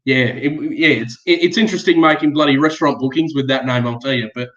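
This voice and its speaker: A man's voice: mid-range voice, fast talker, a bit bright, echoey room, highs cut off. A man from Perth with a West Australian accent, a laid-back bricklayer guest who laughs easily. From Perth, Western Australia. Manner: laid-back, laughs often, swears mildly. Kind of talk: casual chat.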